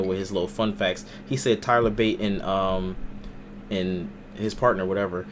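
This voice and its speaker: A man's voice: fairly low pitch, a little hiss or hum. A man co-hosting a casual wrestling talk show, joking and correcting himself as he goes. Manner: joking, sets up bits and corrects himself mid-sentence. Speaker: podcast co-host. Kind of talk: casual chat about wrestling.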